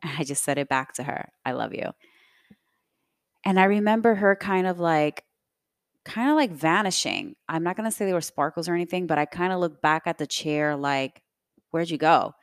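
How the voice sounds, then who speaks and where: Young woman, low voice, chatty and reflective, lots of likes and ums, dry close sound. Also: expressive, normal speed, clean tone, no echo. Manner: reflective, conversational with frequent fillers. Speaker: podcast host. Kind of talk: personal storytelling.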